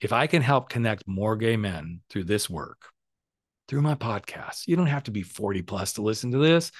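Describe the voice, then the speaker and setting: Animated, swearing middle-aged male podcast coach. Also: fairly low pitch, moderate pace, no echo, studio quality. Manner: animated, emphatic, swears freely. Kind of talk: casual motivational monologue.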